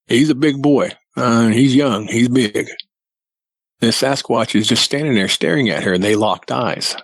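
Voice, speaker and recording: Speaking a little slowly in a mid-range voice, this middle-aged man is a guest telling the story of a sighting. He keeps it folksy and plain, acting out a lot of quoted dialogue in a lively, casual retelling, with no echo in the audio.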